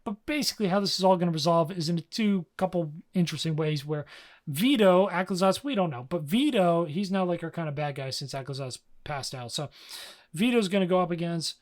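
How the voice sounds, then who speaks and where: A young man co-hosting a podcast, recapping a story in a casual, slangy way and slipping into quick character voices. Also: fairly high pitch. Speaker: podcast co-host.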